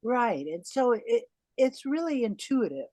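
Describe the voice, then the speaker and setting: A woman hosting a podcast, asking rambling, halting questions full of fillers. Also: on the high side, sing-song, darkish tone, dry recording. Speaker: podcast host. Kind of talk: interview questions.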